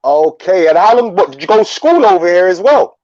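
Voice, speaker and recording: A man with a London accent hosting a live chat, telling stories in an animated, slangy way. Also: high-pitched, a little fast, dull audio, crowd noise. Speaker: livestream host.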